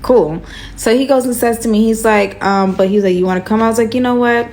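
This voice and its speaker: Speaking a little fast in a darkish tone, a young woman recounts a casual story in slang. When she acts out the dialogue, her pitch jumps up sharply.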